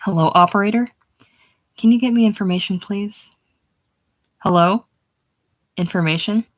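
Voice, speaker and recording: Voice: mid-range voice, normal speed, natural voice, rough recording. A reader voicing Dorothea, an emotional, determined grown woman, in a casual play reading. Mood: pleading.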